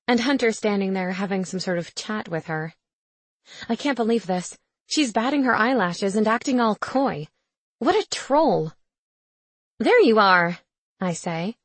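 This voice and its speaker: A woman's voice: medium pitch, no echo. A young woman narrating a first-person audiobook with a wry, sarcastic inner voice.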